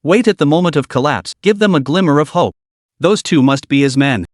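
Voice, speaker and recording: A man's voice: a little high, animated, brisk, no room sound, clean studio sound, lightly acted. A man voicing a ruthless young male underworld boss who questions people in a curt, menacing way. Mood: cold, menacing.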